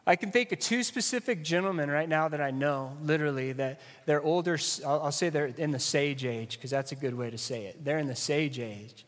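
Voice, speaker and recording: A man's voice: fairly high pitch, fairly quick, few pauses, a bit bright, in a large hall. A man preaching a sermon, emphatic and asking the audience rhetorical questions.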